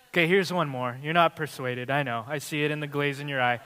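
Pastor guy preaching, bright forceful voice, kinda high, big hall echo. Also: brisk, few pauses. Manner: animated preaching, swinging from loud emphasis to quiet intimacy. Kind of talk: sermon. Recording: long hall reverb.

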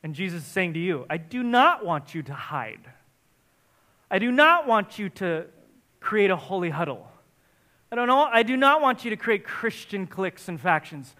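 A man preaching a sermon as pastor, speaking emphatically and often rising to forceful exhortation. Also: sits high, sing-song, moderate pace. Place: church in Santa Barbara area.

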